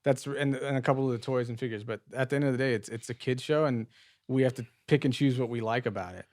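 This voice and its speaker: A man's voice: mid-range voice, quick pace, a little mellow, no room sound, clean studio sound. A young man co-hosting a casual podcast, explaining his views at length with assurance and casual swearing. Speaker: podcast co-host. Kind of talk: casual chat.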